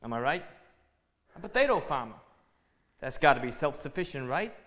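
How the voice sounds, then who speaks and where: A man's voice: fairly high pitch, very animated, normal speed, fairly bright tone. An actor playing a chatty, brash cab driver who teases his passenger, in a stage play reading. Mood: teasing. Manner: brash, teasing. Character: wisecracking male New York cab driver, nosy and chatty. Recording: reverberant theatre recording.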